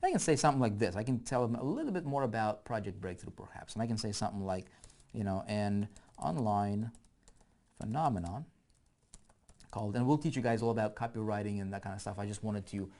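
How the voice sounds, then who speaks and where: A man's voice: on the low side, lively intonation, very fast, darkish tone. A man teaching online marketing in a casual screen-share walkthrough, thinking aloud and often checking in with "right?".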